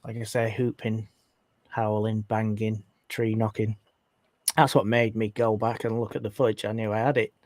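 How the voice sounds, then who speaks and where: A man's voice: fairly low pitch, flat delivery, normal speed, darkish tone, no room sound. A man with a northern English accent, a guest on a podcast call, chatting with trailing restarts. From England. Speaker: guest cryptid investigator. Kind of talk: casual podcast chat.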